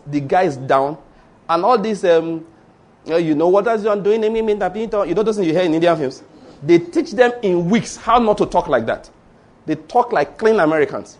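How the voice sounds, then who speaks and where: A middle-aged man with a Nigerian Yoruba accent, preaching a sermon in an emphatic storytelling way. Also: high voice. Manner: storytelling, emphatic, repeats points. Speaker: pastor.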